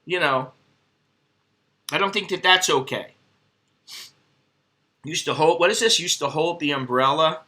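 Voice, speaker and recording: A middle-aged man rambles through crude, profane anecdotes in a casual vlog monologue. His voice sits high for a man and has a piercing, tense edge. He talks loosely and freely, with plenty of asides. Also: measured pace, pauses often, sharp tone. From United States. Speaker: vlogger.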